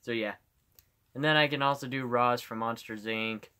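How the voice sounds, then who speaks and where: A man's voice: medium pitch, moderate pace, pushed and bright, clear, resonant tone. A male streamer chatting casually on a live stream, rambling and giggling, with lots of "like".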